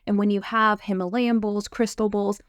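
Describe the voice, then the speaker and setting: A woman's voice: medium pitch, little pitch movement, moderate pace, dry recording, studio quality. A woman hosting and promoting her sound therapy course, talking with upbeat eagerness. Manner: upbeat, eager, fillers and restarts. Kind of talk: enthusiastic course promo chat.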